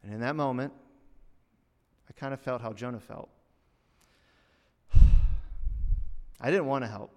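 A man preaching a sermon, telling a story in an animated way and rising loud and high at the punchlines. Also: measured pace, pauses often. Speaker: pastor. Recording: long reverb of a hall.

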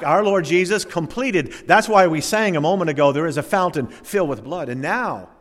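Earnest male preacher in a reverberant hall. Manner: earnest preaching, swinging from soft and low to loud and high. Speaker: pastor. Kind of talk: sermon. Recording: long reverb of a large hall.

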